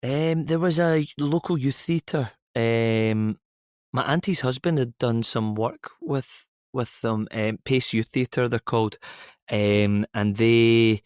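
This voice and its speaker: A man's voice: medium pitch, takes it slowly, clean tone, no room sound. Scottish man telling stories, dry sound. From Scotland. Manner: relaxed storytelling, many ums and restarts. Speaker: actor, interview guest. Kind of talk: casual interview chat.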